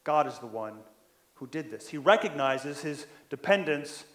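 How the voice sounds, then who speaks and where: A man preaching a sermon in a conversational way, often checking in with the listeners, and growing louder when he stresses a point. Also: on the high side, moderate pace, reverberant. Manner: conversational, keeps asking "right?"; animated, builds in loudness when stressing a point. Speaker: pastor.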